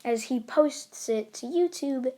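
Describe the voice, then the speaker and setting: A woman narrates an improvised fan story in a slow, wandering way. She backtracks and fills gaps as she goes, her voice sitting a little high. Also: warm tone. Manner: rambling, with many fillers and restarts.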